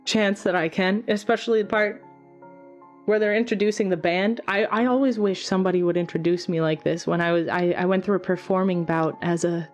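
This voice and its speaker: A woman who is a singer, chatting casually in a Q&A video, retelling things with animated energy and plenty of swearing. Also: on the low side, a little fast, soft background music. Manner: animated, swears freely, many fillers. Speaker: singer and channel host. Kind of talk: casual Q&A storytelling.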